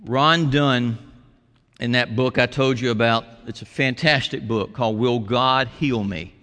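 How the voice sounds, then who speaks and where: A man preaching a sermon as a pastor, telling a story with quoted voices and dropping to soft, intimate tones. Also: mid-range voice, measured pace. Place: church sanctuary. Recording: long hall reverb.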